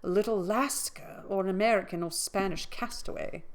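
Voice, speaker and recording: A woman voicing a pompous, self-righteous older gentleman who blusters indignantly while reading a story aloud. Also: medium pitch, moderate pace, close to an everyday voice.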